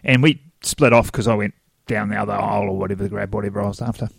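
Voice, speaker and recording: A man with a New Zealand accent, co-hosting a podcast and telling a story in a relaxed, chatty way. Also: fairly low pitch, fast, creaky, slightly rough, no room sound, studio quality. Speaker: podcast co-host. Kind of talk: casual chat, storytelling.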